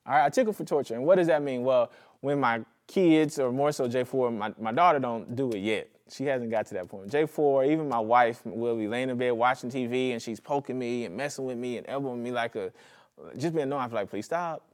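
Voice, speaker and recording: A man preaching a conversational, animated sermon as pastor, joking and calling on the congregation. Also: mid-range voice, a little fast. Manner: animated, conversational preaching with jokes and audience prompts.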